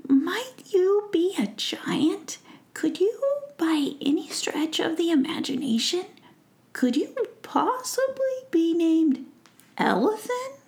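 A woman's voice: extremely high pitch, very animated, slow pace, a little mellow, voice pushed up, heavily acted. A woman voicing a kind young male fairy prince in a whispered role-play. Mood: courteous.

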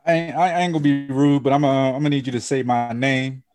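Man, podcast guest, mid-pitched, playful boastful banter. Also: fairly even intonation, fast talker, a little mellow. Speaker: podcast guest, executive producer. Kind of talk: casual podcast chat.

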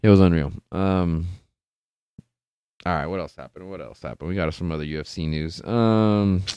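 A man hosting a solo sports podcast, talking casually and excitedly, swearing freely and laughing often. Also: low voice, normal speed, clean tone, no echo, muffled recording. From California. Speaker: podcast host.

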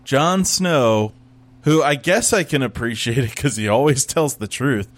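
In casual chat, a man with a medium-pitched voice speaks unhurriedly, sarcastically recapping a TV show and acting out the characters as he goes.

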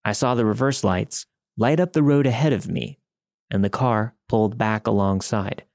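A man narrating a first-person horror story in a steady, wry manner, recorded on a studio microphone. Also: on the low side, normal speed, vocal fry, no echo.

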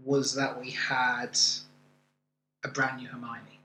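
A man's voice: mid-range voice, little pitch movement, slow, bright, forceful tone, lo-fi sound. Enthusiastic man in an echoey room. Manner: enthusiastic, opinionated. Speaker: podcast co-host. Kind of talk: casual chat reviewing a musical. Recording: echoey room with faint noise.

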